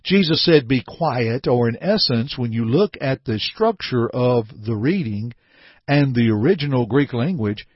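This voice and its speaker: A man preaching a sermon and reading scripture, earnest and emphatic, calling his listeners dear friends, with a husky voice. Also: mid-range voice, animated, moderate pace, no room sound. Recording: dull, dry lo-fi recording.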